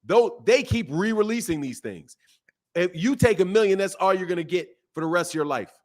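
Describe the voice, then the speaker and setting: High-voiced man ranting about boxing. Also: a little fast. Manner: animated, repetitive, rhetorical questions. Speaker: boxing commentator. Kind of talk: casual commentary rant.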